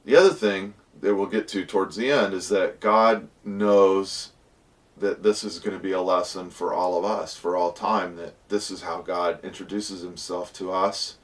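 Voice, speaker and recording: Low-voiced man teaching a lively Bible lesson. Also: far from the mic. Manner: lively storytelling, acting out voices of characters.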